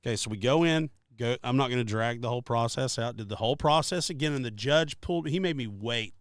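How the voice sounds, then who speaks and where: Speaking quickly at a medium pitch, a podcast co-host delivers a profane, lively anecdote, performing everyone's dialogue himself in this casual storytelling. It's a dry, studio-quality recording.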